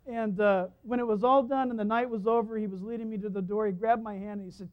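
A man preaching a sermon as the church's pastor, telling stories in a lively way and laughing at his own anecdotes, recorded in a church. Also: extremely high pitch, normal speed, pauses often. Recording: dull lo-fi sound.

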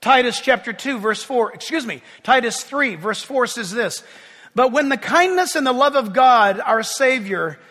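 High-voiced animated male pastor. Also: moderate pace, long reverb tail. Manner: animated, shouts out quoted crowds, jokes with the congregation. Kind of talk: sermon. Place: church sanctuary.

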